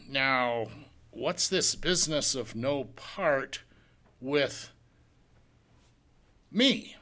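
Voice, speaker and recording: Slow-paced, bright-voiced male preacher. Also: a little high, lively intonation. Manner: slow, deliberate, reads scripture in old-fashioned wording; asks rhetorical questions. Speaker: pastor. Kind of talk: sermon, verse-by-verse Bible teaching.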